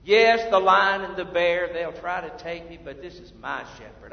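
A man preaching a sermon as pastor, swinging between hushed and loud passages. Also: high-pitched, normal speed, creaky, a little hiss or hum. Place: church sanctuary. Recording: echoey hall from far off, dull lo-fi.

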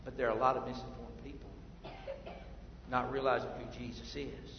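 A man preaching a sermon as pastor, swinging between hushed and loud passages. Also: medium pitch, flat delivery, brisk, vocal fry. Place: church sanctuary. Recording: echoey hall from far off, dull lo-fi.

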